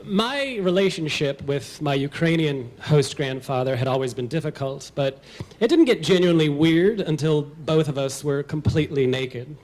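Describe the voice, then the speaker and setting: A man's voice: a little high, expressive, moderate pace, darkish tone. A man telling a personal story at a live storytelling show, wry, comic and self-deprecating.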